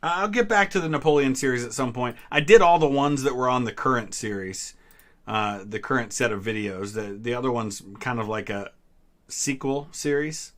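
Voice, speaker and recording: Bright-voiced man hosting a trivia stream. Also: mid-range voice, normal speed. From Ohio, US Midwest. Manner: relaxed, answers chat questions with small hesitations. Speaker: history channel host. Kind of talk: casual live-stream trivia chat.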